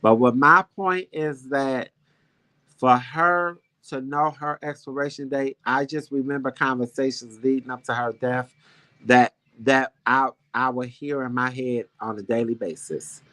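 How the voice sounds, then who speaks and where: A man's voice: medium pitch, steady tone, a little slow, fairly bright tone. A man hosting a casual talk show, telling a personal story in a heartfelt, rambling, emphatic way. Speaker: show host.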